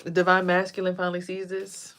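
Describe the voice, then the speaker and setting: A woman's voice: on the low side, monotone, fairly quick, a bit bright. A woman giving a casual tarot reading on a phone livestream, chatting to viewers and drifting between the cards and asides. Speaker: tarot reader.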